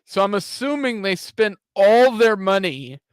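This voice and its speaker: A man's voice: high-pitched, big pitch swings, a little slow, smooth. A man hosting a podcast, casually and critically reacting to a trailer with exasperated asides. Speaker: podcast host.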